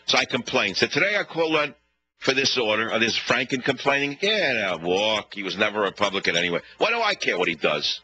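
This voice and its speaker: A man's voice: lowish voice, very animated, fairly quick, sharp tone, rough recording. A man hosting a talk radio show, telling a long indignant story and mimicking the people in it. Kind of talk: rambling monologue. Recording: radio broadcast with faint hum.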